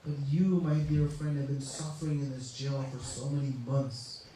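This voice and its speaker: A man's voice: fairly high pitch, steady tone, normal speed, warm tone, a little hiss or hum, lightly acted. A man voicing an impulsive king in an echoey hall. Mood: humbled. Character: upset, impulsive king, male adult. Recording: echoey hall, mic far off.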